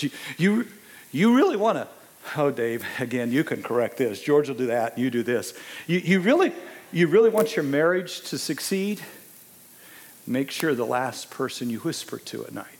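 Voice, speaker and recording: A man in his sixties preaching a sermon, swinging from hushed asides to loud, emphatic exclamations. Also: mid-range voice, big pitch swings, moderate pace.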